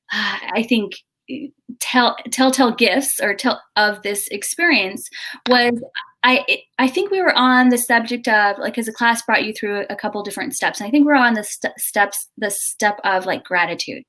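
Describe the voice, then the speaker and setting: A middle-aged woman hosting a casual video chat, telling a story in an animated way with halting restarts. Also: a little high. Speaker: host.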